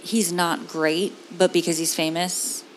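A woman's voice: fairly low pitch, little pitch movement, a little slow, slight background noise. A young woman co-hosting a comedy podcast, chatting casually in a rambling way with lots of "like". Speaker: podcast co-host. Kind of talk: casual chat.

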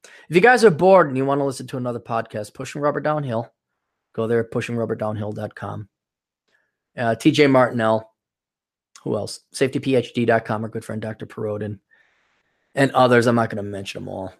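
A man in his forties hosting a casual solo podcast, rambling and profane, now and then mocking others in shrill put-on voices. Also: brisk, pauses often. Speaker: podcast host.

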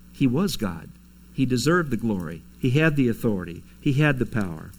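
A man preaching a sermon to his congregation, in a conversational way, chuckling now and then and acting out quoted lines. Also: mid-range voice. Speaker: pastor. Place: church sanctuary.

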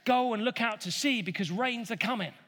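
A man's voice: extremely high pitch, brisk, fairly bright tone. A man doing a bold, defiant prophet. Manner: confident, teasing. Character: bold, defiant male prophet, mocking rivals. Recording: long hall reverb.

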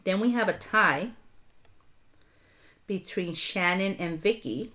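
A woman hosting a casual podcast, recapping a reality show with a chatty, animated manner. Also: medium pitch, slow pace. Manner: chatty, animated retelling with laughs. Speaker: podcast host.

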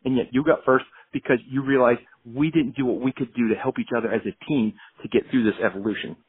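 A fast-talking man with a husky edge tells emphatic, energetic stories and acts out bits of dialogue. His voice comes through a thin, phone-like remote call line. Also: mid-range voice. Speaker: guest, doctor and motivational speaker. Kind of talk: casual podcast interview.

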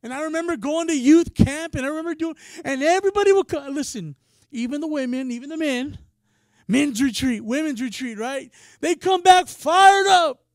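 Speaking at normal speed, a male preacher with a strikingly high voice gives a passionate yet casual sermon, often saying "man" and swinging from near-whispers to shouts. The recording is close and dry, with almost no room echo.

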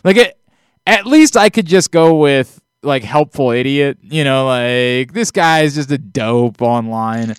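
Smooth-voiced exasperated male podcast host. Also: mid-range voice, expressive, measured pace, dry recording, studio quality. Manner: rambling, exasperated, restarts often. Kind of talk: casual chat.

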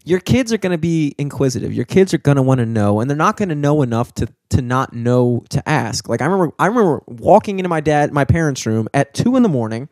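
A man's voice: fairly high pitch, very animated, fast, hardly any pauses, a little mellow, dry recording, studio quality. A young man in casual chat, rambling and swearing, with lots of filler words.

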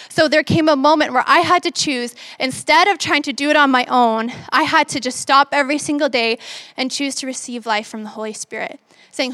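A woman's voice: high-pitched, fairly bright tone, no room sound. A woman in her twenties giving a sermon in an upbeat, conversational way, acting out her own thoughts as she tells a story. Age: 20s. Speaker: young preacher.

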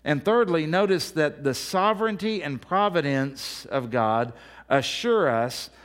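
A man's voice: on the high side, lively intonation, a little slow. A man preaching a sermon, building emphasis through repeated phrases and mixing in folksy, humorous asides. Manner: emphatic preaching with rhetorical repetition. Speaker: pastor.

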